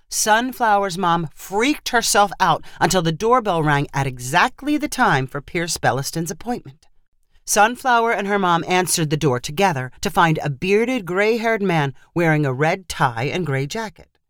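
A woman narrating a storybook in an expressive, animated reading style. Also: lowish voice, normal speed, no room sound, studio quality.

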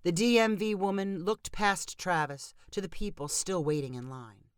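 Low-voiced woman reading a story. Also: expressive, moderate pace, clear, resonant tone, dry recording, clean studio sound. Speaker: narrator. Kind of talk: storybook narration.

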